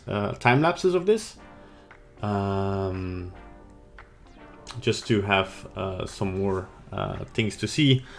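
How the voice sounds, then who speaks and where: A man hosting a casual live stream, rambling in a relaxed way with many fillers. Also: lowish voice, vocal fry.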